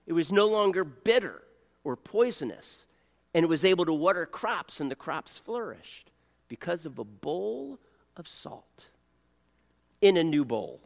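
A man preaching a sermon, animated and joking, acting out voices and coughing now and then. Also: on the high side, a little slow, creaky, long reverb tail. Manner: animated, acts out voices, jokes with the congregation. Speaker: pastor.

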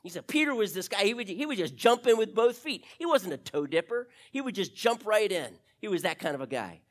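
A pastor preaching a sermon and speaking directly to the congregation, swinging between fast, loud bursts and slow, hushed stretches. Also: medium pitch, big pitch swings.

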